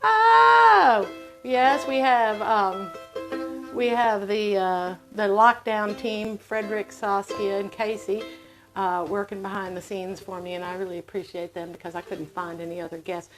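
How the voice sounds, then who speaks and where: A woman's voice: mid-range voice, measured pace, faint music behind. A woman host with a Southern US accent, chatting in a folksy, rambling way from her home. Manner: folksy, chatty, wandering from topic to topic. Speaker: show host. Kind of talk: casual rambling monologue. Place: home during lockdown.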